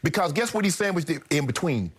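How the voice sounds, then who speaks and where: High-pitched male sports debate co-host, blunt and forceful, leans on slang and repetition. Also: lively intonation, fast talker, breathy edge. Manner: emphatic, blunt, slangy, repeats points for punch. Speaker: sports talk show co-host. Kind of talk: heated sports debate commentary.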